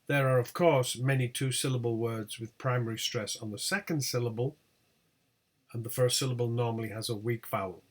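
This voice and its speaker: A man teaching a recorded pronunciation lesson, reading out example words one by one with clear, deliberate delivery. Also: medium pitch, fairly even intonation. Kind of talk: recorded lecture over slides.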